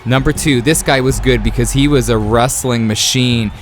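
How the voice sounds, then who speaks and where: A man narrates his own game highlights with excitable energy, laughing often and tossing out playful trash talk. His voice sits in an ordinary middle pitch. Soft music plays faintly beneath him. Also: moderate pace. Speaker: gaming YouTuber. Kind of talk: video game highlight commentary.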